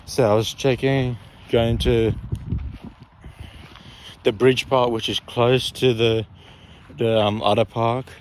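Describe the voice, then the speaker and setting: A man's voice: mid-range voice, level tone, slow, pauses often, slight background noise. A young man telling a story in a casual, rambling way, often repeating and correcting himself.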